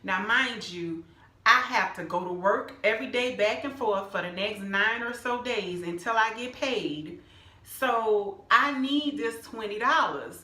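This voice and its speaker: A middle-aged woman, telling a personal church testimony in an emphatic, animated way and calling her viewers "y'all". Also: medium pitch, reverberant. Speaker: vlogger sharing a personal testimony. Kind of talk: casual storytelling testimony.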